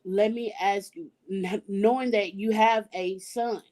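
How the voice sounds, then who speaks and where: Woman talk show host, slow-paced, steady affirming interviewer. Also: medium pitch, poor audio. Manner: measured, affirming listener.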